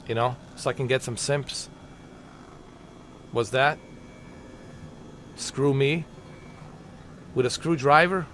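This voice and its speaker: A man's voice: medium pitch, fairly even intonation, slow, pauses often, a bit bright, a little hiss or hum. A man livestreaming a flight game, rambling in an exasperated, joking way and muttering asides under his breath. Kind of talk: casual gaming commentary.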